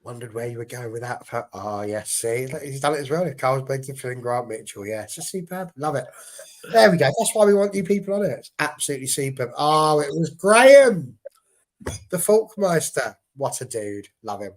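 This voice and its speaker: A man hosting a fan show, chatting excitably and rambling with restarts. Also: medium pitch, quick pace. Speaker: host. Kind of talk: casual chat.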